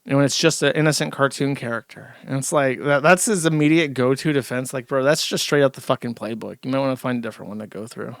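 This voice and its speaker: A man's voice: mid-range voice, fast talker, vocal fry, hardly any pauses, no room sound, studio quality. A man hosting a live stream, reacting to clips with profane, sarcastic ranting. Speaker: streamer host.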